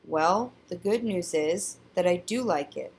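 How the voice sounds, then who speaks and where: A woman voicing a joking father who teases his son in a deadpan, serious-sounding way, in a storybook read-aloud. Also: lowish voice, unhurried. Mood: reassuring. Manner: deadpan teasing.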